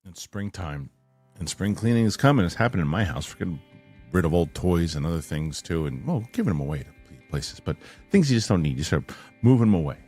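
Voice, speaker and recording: Low-voiced rambling male podcast host. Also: fast, breathy edge, soft background music. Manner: rambling, animated, repeats words. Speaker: show host. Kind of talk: casual podcast chat with sponsor reads.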